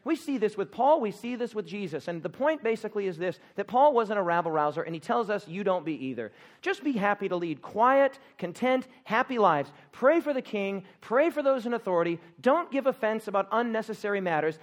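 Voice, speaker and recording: A man preaching a sermon in a church, animated and humorous, calling out questions for the congregation to answer. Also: sits high, moderate pace. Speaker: pastor.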